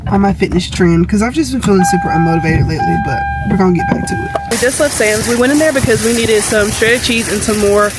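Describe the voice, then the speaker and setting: A woman's voice: fairly high pitch, wildly swooping pitch, fast, few pauses, heavy background noise. Chatty young-sounding woman vlogging. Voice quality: chatty, many fillers like "like" and "um". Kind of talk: casual vlog chat.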